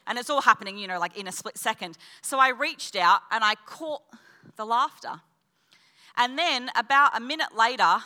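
A woman's voice: on the high side, moderate pace, sharp tone. A young woman giving a candid testimony at a church service, telling her story and quoting her own thoughts. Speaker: church speaker sharing testimony. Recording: long hall reverb.

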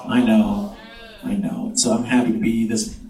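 A Mexican American man doing stand-up as host at a pub, loud and crowd-working, swearing and laughing often. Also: on the low side, flat delivery, moderate pace, soft background music. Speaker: stand-up comedian hosting. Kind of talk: stand-up comedy. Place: pub stage with live crowd. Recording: roomy pub, mic heard from a distance, crowd noise.

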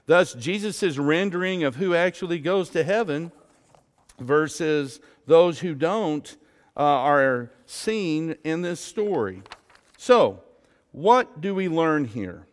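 A man preaching a sermon as pastor, slow and emphatic, asking the congregation rhetorical questions. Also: fairly high pitch, lively intonation, big-room sound. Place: church sanctuary.

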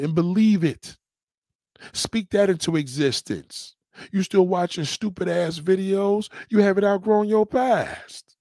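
Blunt, profane male streamer with a slightly high voice, close and dry, preaching a slow repeated mantra. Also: dark tone, dry recording. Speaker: livestream host. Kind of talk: motivational livestream rant.

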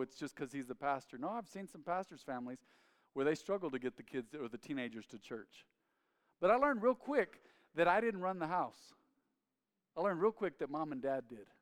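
A man preaching a sermon as a pastor, telling family stories in an animated way and acting out his father's lines loudly. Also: fairly high pitch, clear, resonant tone. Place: church sanctuary. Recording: reverberant church sanctuary.

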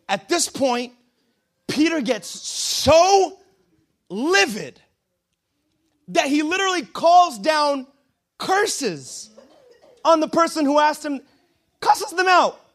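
A man's voice: very high-pitched, big pitch swings, slow pace, pauses often, fairly bright tone. A man preaching a sermon in a casual, slangy storytelling manner. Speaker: pastor.

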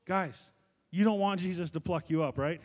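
High-voiced male pastor preaching. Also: normal speed, in a large hall. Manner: builds to loud, high-pitched exhortation. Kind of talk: sermon.

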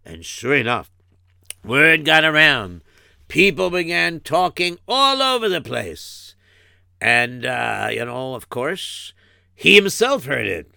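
A man narrating a story in an unhurried, conversational way. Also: fairly high pitch, big pitch swings, creaky, sharp tone, no room sound, clean studio sound.

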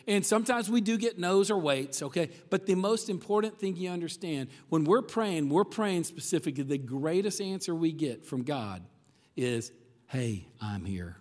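A man's voice: fairly high pitch, fairly bright tone. A man preaching a sermon in a chatty, conversational way, often checking in with the listeners. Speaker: pastor. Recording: long hall reverb.

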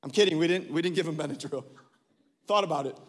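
A man in his thirties, a pastor preaching a lively sermon, swinging between loud exclamations and hushed asides and laughing often. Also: a little high, quick pace. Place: large church hall. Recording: long hall reverb.

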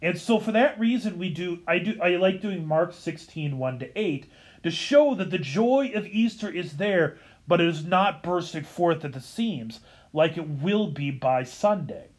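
A man's voice: sits high, expressive, a little slow. A man explaining church liturgy in an earnest, informal teaching talk, with frequent restarts and self-corrections, then reading an old homily aloud. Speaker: pastor explaining Easter liturgy.

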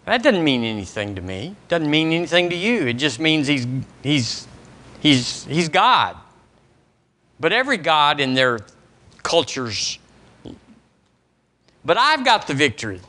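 Man, pastor, lively swooping preaching voice, bright. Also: on the high side, a little slow, long pauses. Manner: animated preaching, quizzes the congregation. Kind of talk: sermon. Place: church service.

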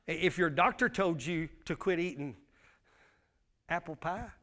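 A man's voice: a little high, measured pace, pushed and bright. A male pastor, preaching a sermon with emphatic call-and-response.

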